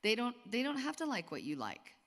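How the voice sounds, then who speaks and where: A woman's voice: a little high, wildly swooping pitch, fairly quick, fairly bright tone. A middle-aged woman talking casually to a group of women, chatty, with lots of restarts and asides. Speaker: speaker at a women's gathering. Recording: long hall reverb.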